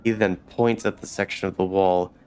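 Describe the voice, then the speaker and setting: A man's voice: deep voice, steady tone, moderate pace, a little mellow. A man hosting a let's play, reading the game's narration aloud with casual asides. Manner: reads narration, stops to comment casually. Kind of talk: reading game text aloud.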